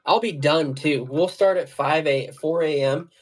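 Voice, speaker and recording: A man with a slightly high voice talks at a measured pace, faint music behind him. He's a fly and jig tier chatting casually on a livestream while tying flies, rambling through stories, laughing as he tells them, in loose, slangy speech full of fillers.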